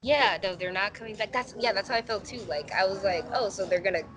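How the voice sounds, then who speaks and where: A woman guest on a casual podcast chat, relaxed and agreeable in quick back-and-forth. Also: medium pitch, a crowd in the background.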